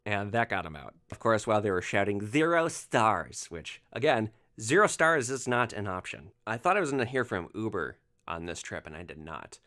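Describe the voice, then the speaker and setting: A man hosting a podcast, telling a rideshare story in an animated monologue and acting out the passengers' lines. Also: fairly low pitch, brisk, hardly any pauses. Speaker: podcast host, former rideshare driver.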